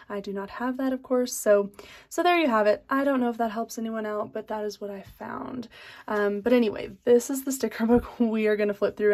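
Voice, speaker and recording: A young woman talks casually and with excitement about planner stickers, as if chatting with friends. Her voice sits a little high, and she fills her pauses with um and light laughs. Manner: chatty and enthusiastic, laughs and says um often. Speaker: planner channel host. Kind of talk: casual product flip-through.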